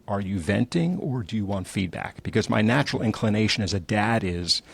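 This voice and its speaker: A man's voice: on the low side, a little fast, creaky, husky, no echo. A middle-aged man from New Jersey, an entrepreneur guest telling stories candidly and acting out the quotes. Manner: animated storyteller, acts out quotes. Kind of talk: candid conversational storytelling.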